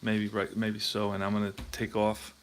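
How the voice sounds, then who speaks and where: A man's voice: on the low side, monotone, moderate pace, a little hiss or hum. A man hosting a tabletop baseball replay, chatting casually and thinking aloud as he checks scorebooks. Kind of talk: casual talk while playing.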